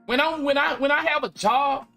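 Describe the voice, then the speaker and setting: A man hosting a podcast live stream, telling stories in loose, animated casual talk full of slang and repeats. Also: extremely high pitch, normal speed, gravelly, soft background music.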